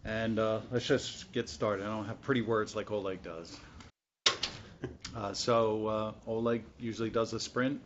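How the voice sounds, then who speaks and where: A man with a lowish voice walks his team through a sprint review in an easygoing, hesitant way, filling pauses with "uh" and "um." His voice comes over a video call as muffled, lo-fi audio. There is a faint hiss behind it. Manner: relaxed, halting, many fillers. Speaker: meeting host presenting sprint review. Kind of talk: casual meeting presentation.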